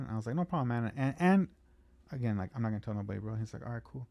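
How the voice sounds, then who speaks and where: A man's voice: mid-range voice, expressive, racing, gravelly, warm tone, no room sound. A man from California telling a long story in casual podcast chat, swearing freely and acting out both sides of the conversation.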